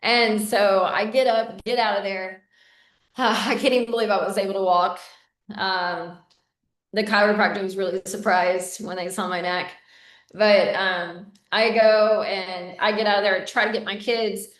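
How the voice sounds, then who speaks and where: A woman tells a personal story to her viewers in a casual, candid way, with plenty of ums and uhs. Her voice sits at a middle pitch. It echoes a bit in a roomy space. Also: steady tone, unhurried. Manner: candid, talks to viewers directly, many fillers. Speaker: vlogger. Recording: roomy echo.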